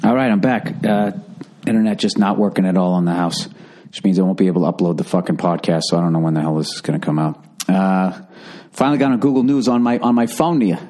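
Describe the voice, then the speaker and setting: A man's voice: sits low, fast talker, warm tone. A man hosting a casual podcast from home, grumbling and swearing through offhand rants. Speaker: podcast host.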